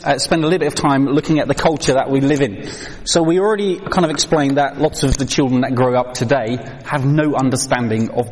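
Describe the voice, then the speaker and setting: A man's voice: mid-range voice, a little hiss or hum. Man teaching in a reverberant hall. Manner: conversational, many fillers, asks the room questions. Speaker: children's ministry trainer. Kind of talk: training talk to a live audience. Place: hall with an audience.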